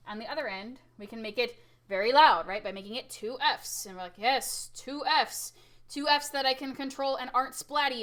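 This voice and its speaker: A woman music teacher giving a casual recorded lesson, lively and chatty, often asking "right?" and showing loud and soft with her own voice. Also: on the high side.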